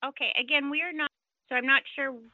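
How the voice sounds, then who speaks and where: A woman's voice: sits high, fairly even intonation, fast, bright, forceful tone, dull audio. A woman working as a car rental agent on the phone, polite but stammering and confused. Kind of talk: phone customer service.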